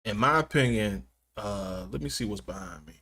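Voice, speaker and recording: A man's voice: fairly low pitch, moderate pace, bright, forceful tone, a little hiss or hum. A man live-streaming from his gaming chair at home, chatting casually with viewers, joking and laughing often.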